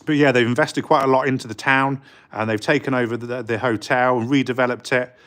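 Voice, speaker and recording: A middle-aged man talks casually to a live-stream audience from his studio, his voice sitting at an ordinary middle pitch. He rambles along with frequent ums and restarts. He perks up to greet viewers by name. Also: fairly even intonation, fairly quick, a bit bright. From England. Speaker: street artist streaming live. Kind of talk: casual live-stream chat while working. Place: indoor art studio.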